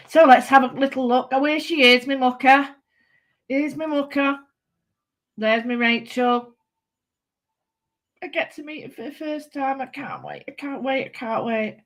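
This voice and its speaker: A woman with a Manchester accent hosting a live craft stream, chatting warmly to viewers and greeting them by name. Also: sits high, unhurried, pauses often. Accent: Mancunian. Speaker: craft channel host.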